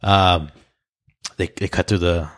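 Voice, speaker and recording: A man's voice: sits low, steady tone, slow pace, a bit bright. A young man co-hosting a podcast in casual chat, swearing a lot and laughing as he tells stories. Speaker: podcast co-host.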